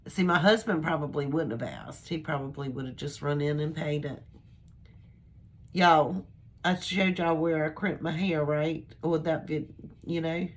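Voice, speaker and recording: A woman's voice: low-pitched, a little slow. An older woman chatting casually to her camera, rambling in a chatty, homespun way. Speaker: vlogger. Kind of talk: casual personal chat to camera.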